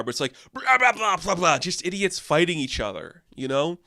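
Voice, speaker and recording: A man casually reviewing a movie, loose and profane, full of "like" fillers, jumping up in pitch when incredulous. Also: big pitch swings, brisk, creaky, few pauses, pushed and bright, dry recording, studio quality.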